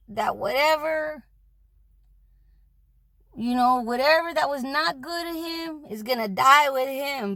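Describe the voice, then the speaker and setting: A woman's voice: high-pitched, vocal fry, a bit bright, dry recording. A woman in a casual spoken monologue, relaying a departed man's message in a loose, blunt way, swearing freely and saying "you know" often. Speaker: messenger relaying words from a departed man.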